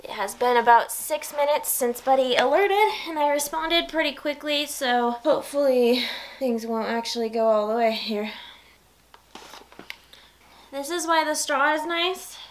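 A woman lying down at home and talking to a nearby camera in a casual vlog. She explains each step calmly and keeps breaking off to praise her dog softly. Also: high-pitched, unhurried, slight background noise. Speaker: vlogger filming her service dog. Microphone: camera set low nearby.

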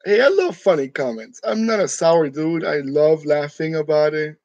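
A man's voice: on the high side, animated, normal speed, darkish tone, no echo, highs cut off. A man from New York chatting casually with his viewers, joking and laughing often in a room decorated for Halloween. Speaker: channel host. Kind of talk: casual live chat with viewers.

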